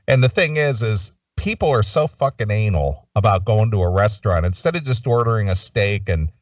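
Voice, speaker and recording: A man's voice: lowish voice, lively intonation, fairly quick, no echo, distant mic, muffled recording. A man co-hosting a casual talk show, rambling and swearing as he tells a story. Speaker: podcast co-host. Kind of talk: casual profane chat.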